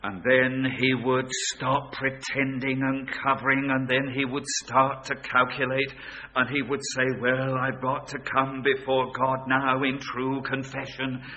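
Male preacher with a bright, forceful tone, dramatic swings in loudness, muffled lo-fi recording. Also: medium pitch, little pitch movement, measured pace. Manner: dramatic, swings from hushed to loud and back. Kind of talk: sermon. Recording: dull lo-fi recording.

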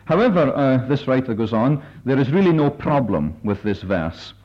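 A man preaches to a study meeting in a measured, careful way, his talk full of small hesitations. His voice sits at an ordinary pitch. The recording is dull and lo-fi. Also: sing-song. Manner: deliberate and careful, many filler pauses. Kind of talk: measured sermon-style talk with readings.

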